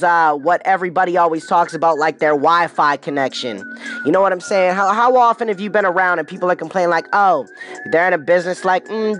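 A man's voice: sits high, a bit bright. A man with a US East Coast accent hosting his show, ranting in a comedic monologue full of rhetorical questions and "you know what I'm saying". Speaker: show host.

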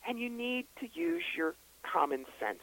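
A man with a brisk, wry storytelling manner, the psychic author and reverend being interviewed on a radio show. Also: very high voice, huge pitch swings, gravelly, a bit bright, rough recording. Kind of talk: interview guest.

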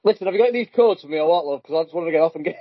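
A man's voice: fairly high pitch, lively intonation, very fast, no echo. A man improvising a bumbling male French spy, giggling and swearing as he goes. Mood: laughing, bumbling. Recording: dull dry lo-fi recording.

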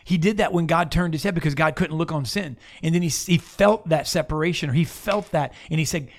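A man's voice: fairly high pitch, fairly quick, hardly any pauses. A man preaching an off-the-cuff sermon, talking to listeners casually and asking them to look up verses. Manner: conversational, restarts, asks listeners to look up verses. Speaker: pastor.

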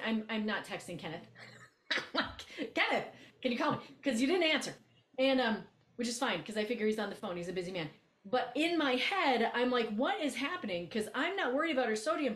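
A woman co-hosting a podcast, telling a story in casual chat, blunt and animated, acting out both sides of a conversation. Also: fairly high pitch, echoey room. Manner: animated, blunt, acts out quoted exchanges. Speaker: podcast co-host, coach.

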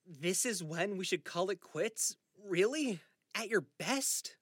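A man's voice: high-pitched, lively intonation, slow pace, a bit bright, slightly rough, dry recording, studio quality, pitched above the performer's own voice, exaggerated voice. A male narrator voicing a grieving adult son who is anxious, raw and sarcastic. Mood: pleading, upset.

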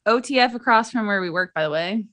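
A young woman chatting casually with a friend, easygoing and quick to laugh. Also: medium pitch, expressive, bright, forceful tone. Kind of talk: casual chat.

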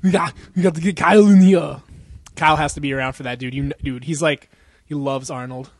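A man's voice: on the high side, fairly even intonation, brisk, no room sound. A young man co-hosting a podcast in casual chat, rambling and profane, laughing often and acting out quotes. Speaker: podcast co-host.

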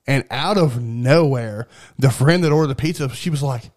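A man's voice: mid-range voice, brisk, darkish tone. Sarcastic, crude-talking man. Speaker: podcast co-host. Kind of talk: casual profane chat.

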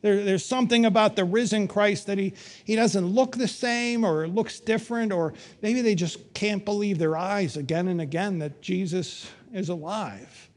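A middle-aged man preaching a sermon, telling stories with wry humor and emphatic pauses. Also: high voice. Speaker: pastor.

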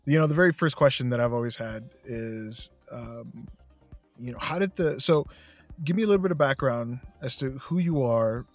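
A man's voice: mid-range voice, moderate pace, soft background music. A young man hosting a podcast who talks in a friendly, rambling way with many fillers as he interviews his guest. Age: young adult. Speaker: podcast host. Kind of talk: casual podcast talk and interview.

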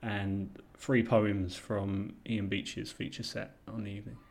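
Man, show host, matter-of-fact announcing, low, gravelly, flat intonation. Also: measured pace, slight background noise. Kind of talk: introducing readers.

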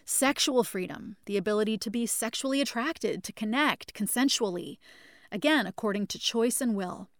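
Recorded on a studio mic with a dry, clean sound, this medium-pitched woman hosts a mental health podcast lesson. She talks emphatically, circles back to key points, and addresses her audience as friends.

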